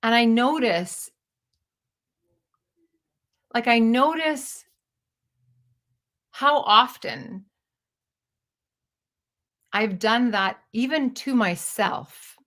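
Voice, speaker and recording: Speaking very slowly with long pauses, a Canadian woman in her fifties gives a reflective personal monologue in a fairly bright voice on the high side. She is a storyteller and stage performer, and her manner is earnest, searching and self-questioning.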